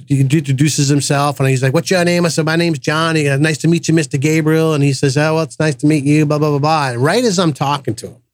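A man hosting a podcast, telling a personal story in a casual, animated way and acting out the voices of the people in it. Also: on the high side, dry recording. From grew up in the projects. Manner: animated storyteller, acts out quoted voices, frequent restarts. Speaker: podcast host.

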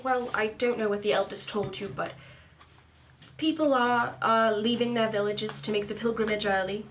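Una donna che fa una giovane barista elfa nervosa. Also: female voice, mid-range voice, normal speed, a little hiss or hum, close to an everyday voice. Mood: worried. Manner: worried, polite. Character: nervous young elf barmaid.

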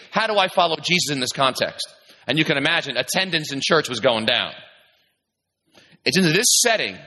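A man's voice: mid-range voice, pushed and bright. A man preaching a sermon in a church, telling it conversationally with frequent fillers and restarts. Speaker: pastor. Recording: long hall reverb.

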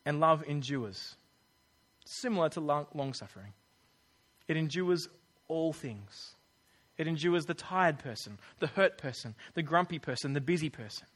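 A man's voice: a little high, expressive, normal speed, a bit bright. A man preaching a sermon in an earnest, conversational way. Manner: earnest, conversational, acts out quoted voices.

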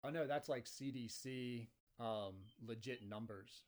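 A man's voice: medium pitch, unhurried, a little mellow. A man hosting a casual podcast chat, rambling and chatty with many fillers and restarts. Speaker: podcast host. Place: Delaware, at home.

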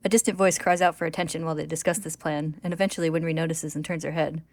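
Woman narrator retelling a story, low-pitched, steady and clear, dry close recording. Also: quick pace, no echo.

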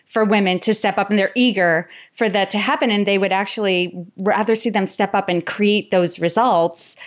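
A woman from New England hosts a podcast, talking things through in a reflective, conversational way. She laughs easily, and her voice sits at an ordinary middle pitch. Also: steady tone, normal speed. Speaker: podcast host. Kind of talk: casual conversation.

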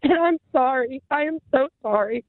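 A woman's voice: high-pitched, moderate pace, no echo. A woman calling in to a talk radio show, tearful and impassioned as she rambles through her grief. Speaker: caller. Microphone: telephone. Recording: tinny phone line.

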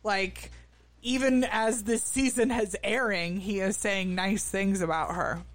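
Brief: podcast co-host, slow and halting recap chat, crisp tone. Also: medium pitch, steady tone, a bit bright, no room sound. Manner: hesitant, many fillers and restarts.

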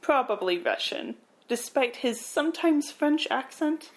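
A woman co-hosting a podcast walks through a film's plot in casual chat. Her storytelling is animated, and she drops wry asides along the way. She sounds relaxed and conversational. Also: high-pitched, measured pace. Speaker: podcast co-host. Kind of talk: casual movie recap.

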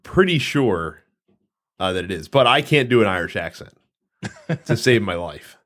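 Lively, chatty male podcast host. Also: on the low side, moderate pace. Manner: chatty, lots of fillers and restarts. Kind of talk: casual chat.

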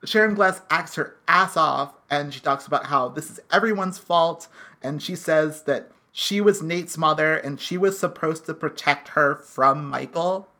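A podcast co-host recapping a TV episode in casual chat, brisk and full of "like" fillers, swearing now and then. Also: medium pitch, sharp tone. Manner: chatty, frequent "like" fillers, brisk summarizing.

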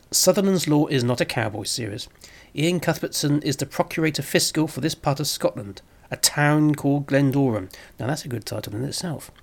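Gravelly man narrating with wry asides. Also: mid-range voice. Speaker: presenter of a retro TV review. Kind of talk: scripted narration.

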